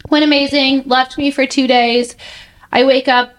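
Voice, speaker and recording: A woman's voice: high voice, measured pace. A woman in her twenties, a fashion model, telling stories in a casual podcast chat, chatty and full of "like". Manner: chatty, heavy use of "like", animated retelling.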